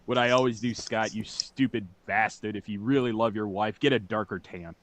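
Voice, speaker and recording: A man co-hosts a loose podcast and speaks into a headset. He tosses out dry, crude teasing jokes in a relaxed, offhand way. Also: lowish voice, normal speed, no echo. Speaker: podcast co-host. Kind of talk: casual podcast chat.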